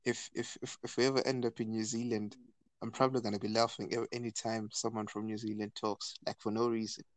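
A man with a South African accent co-hosting a podcast, excitable, stammering and repeating himself in casual chat. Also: lowish voice, fast, no echo. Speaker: podcast co-host.

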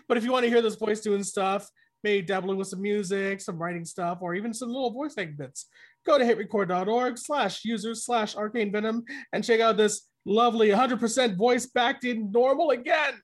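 A woman's voice: medium pitch, moderate pace. A woman with a mid-range voice introduces herself as a tabletop player with theatrical flair. She sounds enthusiastic throughout.

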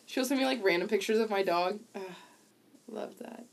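A woman's voice: medium pitch, moderate pace, creaky. A woman in her twenties co-hosting a podcast in casual chat, bubbly and giggly. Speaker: podcast co-host.

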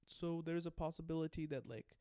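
A man giving an excitable, casual recap, swearing freely and often stumbling and restarting. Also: a little high, a little fast, smooth. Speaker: anime and manga recap host.

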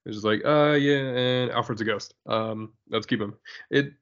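A man's voice: medium pitch, normal speed, fairly bright tone. Man, casual podcast co-host, joking, muffled lo-fi sound. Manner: laughing and joking.

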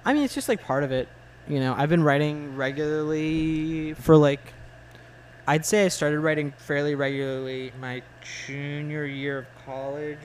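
Young man chatting haltingly, blunt. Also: on the high side, steady tone, slight background noise, rough recording. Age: 20s. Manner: halting, full of "like" and "uh", blunt opinions. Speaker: film fan in conversation. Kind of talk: casual chat.

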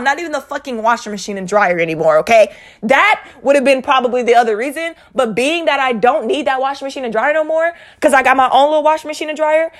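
Young woman ranting to camera, kinda high voice, cussing constantly, worked up. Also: brisk. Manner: heavy cursing, animated and exasperated. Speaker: vlogger. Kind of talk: storytime rant to camera.

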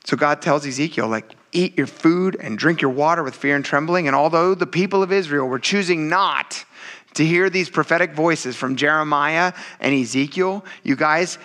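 Bright, animated male preacher. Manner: animated, conversational, laughs often; swings between low quiet asides and high excited stretches. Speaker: pastor. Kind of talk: sermon.

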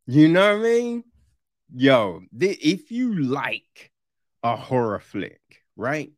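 Reviewer, slow-paced but swingy delivery, dry close sound, casual and sweary. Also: mid-range voice, dry recording. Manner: animated, swearing, acts out reactions. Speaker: film reviewer.

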